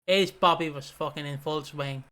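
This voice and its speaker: A man's voice: on the high side, steady tone, pushed and bright. A man co-hosting a wrestling podcast in casual chat, rambling and swearing freely. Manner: swearing, rambling, quick asides. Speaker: podcast co-host.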